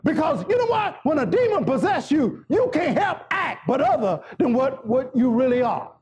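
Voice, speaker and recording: A male preacher giving a fervent sermon, shouting and joking with the congregation. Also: very high-pitched, big pitch swings, moderate pace.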